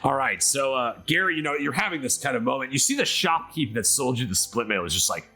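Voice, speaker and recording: Lively, rambling male game master. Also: medium pitch, fairly quick, faint music behind. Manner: casual, filler-heavy, lively storytelling. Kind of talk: narrating a tabletop game.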